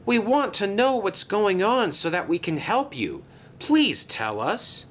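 A man's voice: slow pace, slight background noise, exaggerated voice. A man voicing Thomas, an earnest young engine. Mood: anxious. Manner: excited, pleading, raised-pitch voice.

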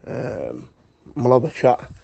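A man's voice: medium pitch, wildly swooping pitch, slow pace, creaky, dull audio, a crowd in the background. A young man leaving rambling, casual voice messages, swearing often and calling the listener pet names. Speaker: voice note sender.

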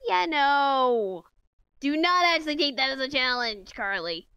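A woman's voice: sits high, expressive, measured pace, sharp tone, no room sound. A woman playing a tabletop game, laughing often and refusing risky plans emphatically. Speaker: player. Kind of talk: casual tabletop play.

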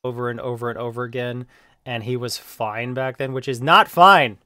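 A man's voice: mid-range voice, moderate pace, pushed and bright, clear, resonant tone, dry recording, studio quality. A man in a casual monologue, rambling and defensive, with lots of fillers and self-justification. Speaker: online video creator being reviewed.

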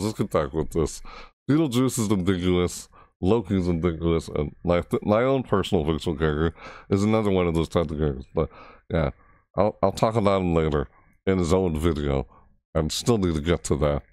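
Low-voiced guy doing a rambly reaction vid, voice kinda cracking, pretty dry close sound. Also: dry recording. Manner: rambling, restarts often, excitable. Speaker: reaction video host. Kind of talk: casual rambling reaction commentary.

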